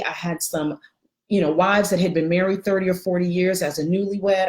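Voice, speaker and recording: Lively woman coaching on a livestream. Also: echoey room. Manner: animated, greets viewers by name, swings high for greetings. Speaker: life coach. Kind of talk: live-streamed coaching talk.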